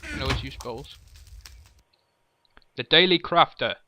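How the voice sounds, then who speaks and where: A man's voice: medium pitch, lively intonation, a little slow, bright, forceful tone, a little hiss or hum. A man chatting casually while playing a game with a friend, reading game text aloud and laughing often. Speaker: gamer. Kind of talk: casual let's play chat.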